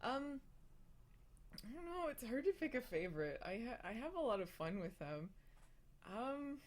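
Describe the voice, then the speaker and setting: Speaking at normal speed in a slightly high, sing-song voice, a young woman runs a relaxed live stream. She fields viewers' questions with frequent laughter, filler words and false starts.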